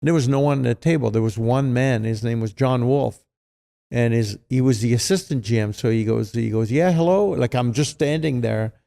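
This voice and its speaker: A man's voice: medium pitch, normal speed, vocal fry. A middle-aged man with a French-Canadian accent, a native French speaker, telling stories as an interview guest and acting out the voices of people he quotes. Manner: animated, acts out quoted voices, frequent fillers. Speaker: guest, retired hockey player. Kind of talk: casual storytelling.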